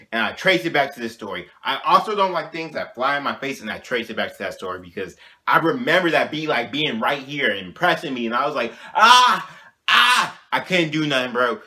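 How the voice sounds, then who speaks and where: A young man telling a childhood story in a casual vlog, animated and slangy, often checking in with "you know what I'm saying". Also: mid-range voice. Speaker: vlogger.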